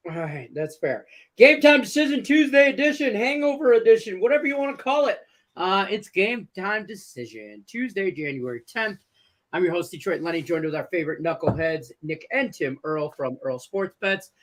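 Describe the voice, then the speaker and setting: A man's voice: high-pitched, lively intonation, moderate pace, fairly bright tone. A man hosting a sports betting show over a video call. He talks in a loose, joking way. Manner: loose and joking, self-deprecating. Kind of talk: casual sports betting chat.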